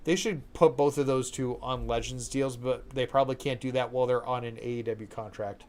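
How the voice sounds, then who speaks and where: A man from Canada chats his way through a live game stream at an ordinary, middle pitch. He talks casually and easygoing, stopping now and then to answer viewers in the chat. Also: fairly even intonation, fairly quick, darkish tone. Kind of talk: live gameplay commentary.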